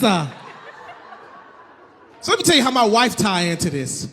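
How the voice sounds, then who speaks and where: Brief: high-pitched, punchy male stand-up comic, live in a reverberant hall. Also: moderate pace, creaky, pauses often. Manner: animated, loud, punchy. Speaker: stand-up comedian. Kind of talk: stand-up comedy. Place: live comedy venue. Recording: long hall reverb, faint noise.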